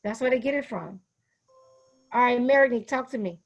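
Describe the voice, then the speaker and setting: A woman hosting a casual panel discussion with educators over a video call. She tells lively stories and calls people baby and sweetie. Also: fairly high pitch, moderate pace, soft background music. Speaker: host and educator.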